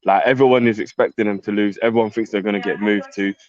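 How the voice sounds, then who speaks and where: A man dropping into a football chat from outside, slangy and halting as he argues his pick. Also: lowish voice, fairly even intonation, darkish tone, dry recording, lo-fi sound. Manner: slangy, halting, confident opinions. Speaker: guest co-host. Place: on the move, joining by phone.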